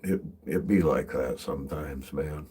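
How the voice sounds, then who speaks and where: Livestreaming from his vehicle as he drives, a tree climber chats casually, rambling, swearing freely and laughing often. His voice is a low rumble, mellow and slightly rough, and he speaks at a measured pace.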